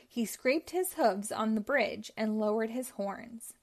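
A woman reading a children's picture book aloud with expressive storytelling. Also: a little high, slow pace.

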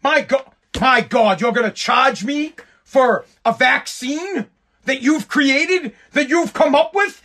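An American man rants profanely on a live stream, his voice strikingly high with a sharp, bright tone. He speaks slowly and stays sarcastic and mocking from start to finish.

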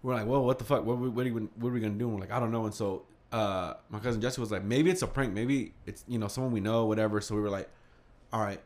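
A young man telling a story casually among friends, animated and swearing, acting out the quotes. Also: fairly low pitch, fast talker.

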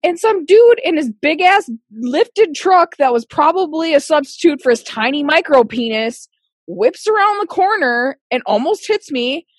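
A high-voiced woman spins a story in casual chat, swearing constantly and swinging her pitch all over as she acts out every quote. The sound is dry and close, with no room around it. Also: expressive, moderate pace, no echo.

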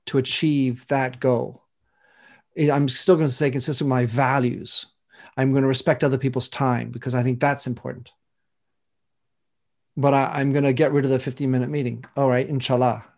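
A middle-aged man speaks with a French accent as a podcast guest, reflective and measured. His voice sits at an ordinary pitch for a man. He pauses to restart phrases now and then as he thinks aloud. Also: darkish tone. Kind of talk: conversational interview answers.

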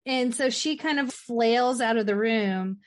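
A woman's voice: a little high, measured pace, no echo. A woman casually recapping a film, acting out the characters' lines and swearing freely. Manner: animated storyteller, acts out quotes, swears freely.

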